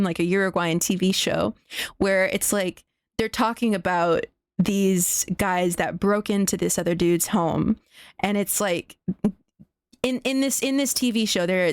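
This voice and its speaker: A woman's voice: medium pitch, no room sound, clean studio sound. A young woman streaming live, chatting casually in a rambling, profane rant full of restarts. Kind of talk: casual livestream chat.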